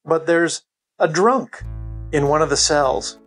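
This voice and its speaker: A middle-aged man tells stories in a loose, chatty way, with plenty of "you know". His voice sits a bit higher than most men's. A faint guitar plays quietly in the background. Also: slow pace. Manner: chatty, many "you know" fillers, laughs often. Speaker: podcast guest. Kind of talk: casual storytelling.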